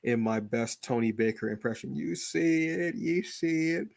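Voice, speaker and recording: A hyped-up comedian bit with short, punchy catchphrases, as a man puts it on. The voice jumps well above his usual register, with some gravel still showing through, and it sounds dry and close. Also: medium pitch, moderate pace, darkish tone, dry recording, pitched above the performer's own voice, lightly acted.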